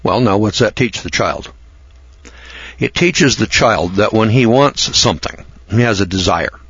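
A man rambles through a blunt, mocking, opinionated monologue and repeats his words. His voice is husky and the recording is dry. The sound is dull and lo-fi. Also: fairly low pitch, animated, a little slow, fairly bright tone, dry recording.

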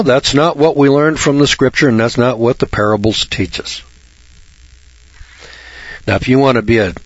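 A man hosting a radio talk show, speaking bluntly in a folksy way and often clearing his throat. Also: fairly low pitch, no room sound, muffled recording.

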